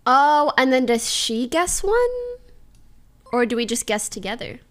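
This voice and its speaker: A woman's voice: a little high, unhurried. A young woman livestreamer in casual, playful chat, giggling as she sounds out foreign phrases.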